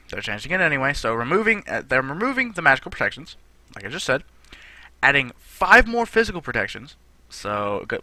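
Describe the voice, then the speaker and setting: A man's voice: mid-range voice, sharp tone, dry recording. A young man chatting casually through game patch notes, rambling with lots of fillers. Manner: rambling, filler-heavy, conversational. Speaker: gaming channel host.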